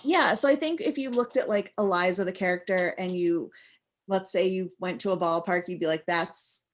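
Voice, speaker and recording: A woman from Massachusetts talks as a guest author in a relaxed interview. Her voice sits a little low for a woman. She rambles along in a chatty way, with plenty of fillers and restarts. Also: normal speed. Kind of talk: casual interview chat.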